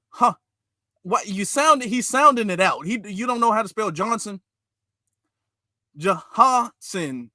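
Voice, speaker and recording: A man's voice: high voice, bright, forceful tone, dry recording, clean studio sound. A man hosting a reaction video, talking back at a clip in a mocking, exasperated way. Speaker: reaction channel host. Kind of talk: casual reaction commentary.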